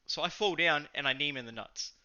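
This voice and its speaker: A man co-hosting a podcast, telling a story in a casual, animated way, swearing freely and acting out what people said. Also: fairly high pitch, quick pace, lo-fi sound. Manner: animated, swearing, acts out quotes. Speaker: podcast co-host.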